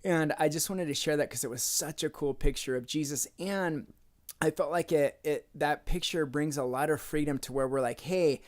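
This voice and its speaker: A man's voice: a little high, normal speed. A man from the United States telling a personal faith story in a casual, conversational way, often acting out what people said. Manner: conversational, acts out quoted dialogue with "I'm like". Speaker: speaker sharing a faith testimony.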